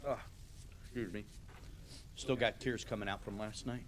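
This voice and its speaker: A man's voice: on the low side, fairly even intonation, normal speed, a little hiss or hum. A man teaching a sales training class in a casual lecture style, often checking in with "okay?".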